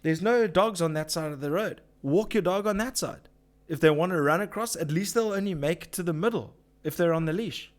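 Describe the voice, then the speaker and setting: A man's voice: on the high side, animated, brisk, hardly any pauses. A man hosting a casual live chat, ranting with swearing and reading out viewer comments. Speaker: live-stream host.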